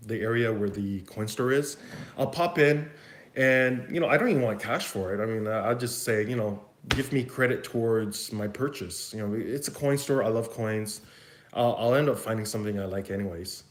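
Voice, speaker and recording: Brief: Canadian man, West Coast accent, mid-pitched, rambling and chatty, taking viewer questions in an echoey room. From Vancouver, Canada. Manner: rambling, chatty, thinks aloud. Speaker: YouTube host answering viewer questions. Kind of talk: casual livestream Q&A.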